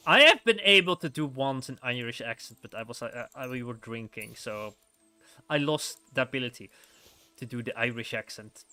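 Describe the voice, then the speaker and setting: A man's voice: medium pitch, animated, normal speed, sharp tone, clear, resonant tone, faint music behind. A man giving casual let's-play commentary while playing a story game, rambling with frequent chuckles and restarts.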